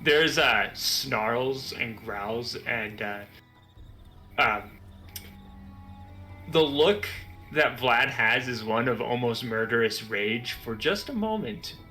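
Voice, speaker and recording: A man narrating as game master for a tabletop game, halting with fillers. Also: medium pitch, expressive, bright, forceful tone, soft background music.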